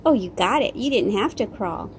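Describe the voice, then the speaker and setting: A woman's voice: medium pitch, lively intonation, normal speed, a little hiss or hum. A middle-aged woman vlogger talking baby talk to an infant at home, cooing and sing-song, recorded on a phone. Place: home, indoors.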